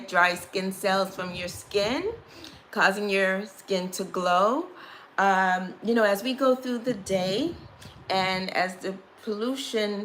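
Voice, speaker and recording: A woman's voice: medium pitch, fairly bright tone, a little hiss or hum. A woman with a Brooklyn accent, chatting casually on a beauty livestream, rambling and restarting her phrases. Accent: Brooklyn, New York. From Brooklyn, New York.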